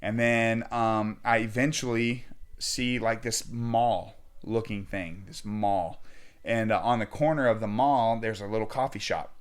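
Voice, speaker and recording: A man's voice: lowish voice, fairly even intonation, measured pace, smooth. A man on as a guest, telling a long story in a casual, rambling way, full of filler words.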